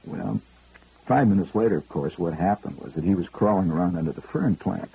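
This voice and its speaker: A husky-voiced man telling a rambling, wry comic story as a radio monologist. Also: low voice, a little fast, warm tone, poor audio.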